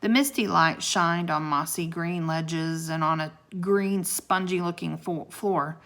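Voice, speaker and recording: A woman's voice: fairly low pitch, unhurried, a bit bright. A woman reading a children's book aloud, with chatty asides to her listeners. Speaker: storybook reader.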